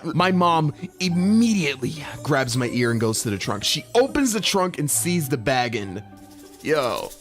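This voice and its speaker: A young man narrating a comedic storytime in an expressive, playful way with slang. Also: a little high, normal speed, faint music behind.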